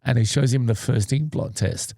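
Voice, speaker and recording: A man co-hosting a podcast, his voice deeply gravelly and mellow. He tells his stories with a dry wit. The sound is dry and close to the mic. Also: moderate pace, dry recording. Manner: storytelling, dry humour. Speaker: podcast co-host. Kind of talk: casual chat, telling jokes. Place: podcast studio.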